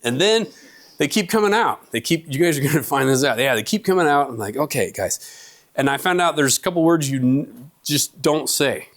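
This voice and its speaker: A middle-aged man giving a humorous lecture, telling family stories with lively acted-out quotes to an audience in a lecture hall. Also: fairly high pitch, fairly quick. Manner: animated storyteller, acts out family quotes.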